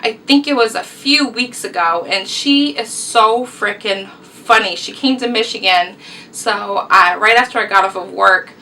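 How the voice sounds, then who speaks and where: A woman's voice: medium pitch, unhurried, sharp tone, far from the mic, slight background noise, low-quality recording. A young woman, chatting through a casual book review vlog, rambling and enthusiastic. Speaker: book vlogger.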